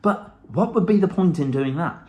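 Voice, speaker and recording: A man's voice: a little high, animated, moderate pace, dark tone. A middle-aged man giving a blunt, profane motivational talk to camera, with the odd laugh. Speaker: self-help vlogger.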